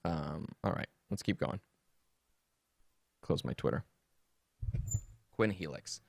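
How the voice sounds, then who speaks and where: A man's voice: a bass voice, animated, slow, creaky, dry recording, clean studio sound. A man hosting a podcast, chatting casually with a jokey, rambling, mocking manner. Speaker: podcast host. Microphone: desktop streaming setup.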